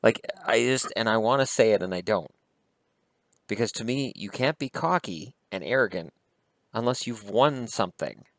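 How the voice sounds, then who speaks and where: A man's voice: fairly low pitch, expressive, moderate pace, no echo. A man vlogging about hockey, talking in a heated, blunt and profane way. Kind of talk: casual opinion rant.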